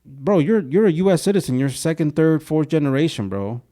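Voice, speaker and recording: Young guy on a podcast, chill slangy talk, lotta "bro", warm low-key tone. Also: lively intonation, fairly quick. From Mexico. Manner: casual, slangy, peppers talk with "bro" and Spanish words. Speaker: podcast co-host. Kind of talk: casual podcast chat.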